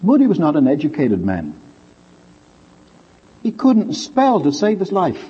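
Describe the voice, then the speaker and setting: A man preaching a sermon, telling a story with lively swings in his voice. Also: on the high side, measured pace, husky. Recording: dull lo-fi recording with long hall reverb.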